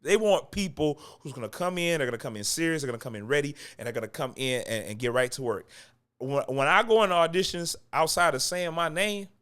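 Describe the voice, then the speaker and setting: A man's voice: a little high, a little fast, a bit bright, smooth. A man giving acting coaching in a casual talk, close to the mic, repeating his points for emphasis. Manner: conversational, repeats points for emphasis, chuckles between lines. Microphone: close microphone.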